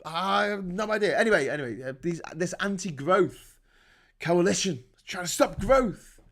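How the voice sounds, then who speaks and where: A man's voice: high-pitched, lively intonation, moderate pace. A man from the North of England, ranting casually and sarcastically on a live stream, swearing a lot and rambling.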